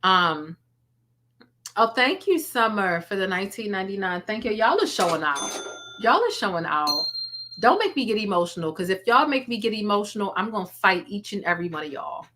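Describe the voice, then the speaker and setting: A woman's voice: medium pitch, sing-song, fairly quick, pushed and bright. A woman hosting a casual live stream, chatting and thanking viewers by name, laughing and teasing often. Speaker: YouTube livestream host.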